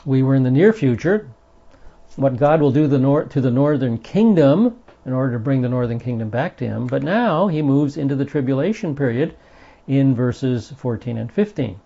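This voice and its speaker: A man's voice: medium pitch, animated, normal speed, gravelly, mellow. A man giving a Bible study lesson in an earnest, emphatic way, stressing the passages he reads aloud. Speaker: Bible teacher. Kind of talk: recorded Bible study teaching. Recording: dull lo-fi recording.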